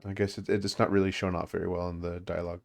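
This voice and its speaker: A man's voice: sits low, little pitch movement, fast talker, creaky. A man leading a language study group, explaining grammar casually with many fillers and restarts. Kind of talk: casual teaching over a call.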